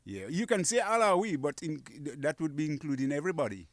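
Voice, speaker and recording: A man's voice: on the high side, very animated, fast, no room sound. A man, casually teaching dialect phrases on a radio show, patiently repeating each phrase. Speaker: guest teaching Kokoy dialect. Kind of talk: casual radio language lesson. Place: radio studio.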